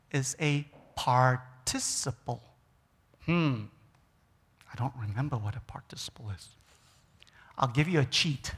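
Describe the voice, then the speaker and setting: A middle-aged man preaching a sermon as a guest speaker in a church, animated, swinging from loud emphasis to near-whispers. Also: mid-range voice, husky. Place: church sanctuary. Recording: long reverb of a church hall.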